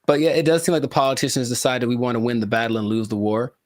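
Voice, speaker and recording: A man's voice: medium pitch, fairly even intonation, fast talker, no echo. A young man co-hosting a podcast, chatting casually with joking, mock-dramatic asides. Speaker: podcast co-host. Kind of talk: casual chat.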